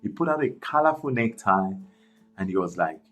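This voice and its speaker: A man narrating a storytime story in an animated, chatty way, talking straight to viewers. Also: lowish voice, normal speed, soft background music, rough recording.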